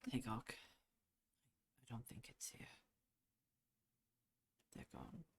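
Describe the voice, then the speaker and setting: A man playing a hushed, grimly loyal companion. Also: mid-range voice, very animated, brisk, vocal fry, breathy edge, no room sound, pitched below the performer's own voice, heavily acted. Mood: somber. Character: steady, grimly tender male companion. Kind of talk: playing a character in a tabletop game.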